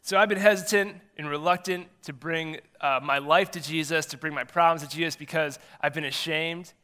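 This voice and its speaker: A man's voice: on the high side, fairly even intonation, normal speed, pushed and bright. A man, a middle school pastor giving a casual, chatty sermon and acting out little quotes as he tells the story.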